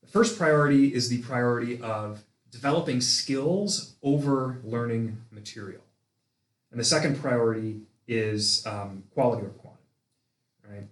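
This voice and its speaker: A man talks through philosophical ideas in a relaxed, thoughtful way, pausing often with ums and restarting sentences. His voice sits at an ordinary pitch. The recording has a noticeable roomy echo. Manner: thoughtful, hesitant, many fillers and restarts. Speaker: philosophy instructor, guest. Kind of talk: casual conversational explanation.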